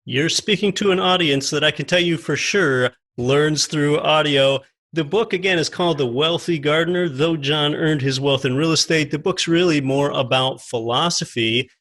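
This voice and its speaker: This podcast host speaks in a fairly high, slightly bright voice at normal speed. He interviews a guest, then turns to his listeners and earnestly recommends things to them.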